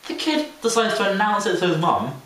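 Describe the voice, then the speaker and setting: A man's voice: sits high, wildly swooping pitch, fairly quick, pushed and bright. Young male podcast co-host, casual storyteller, roomy distant sound with faint hiss. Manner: rambling storyteller, laughs mid-sentence, mimics voices. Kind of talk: casual chat.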